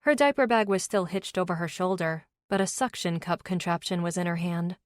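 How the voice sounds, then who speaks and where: A woman narrating a romance audiobook in first person, steady and even, on a close studio mic. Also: fairly low pitch, fairly quick, no echo.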